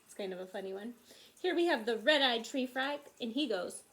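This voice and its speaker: A woman teacher reading a picture book aloud to young children, expressive and full of questions to them. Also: on the high side, brisk.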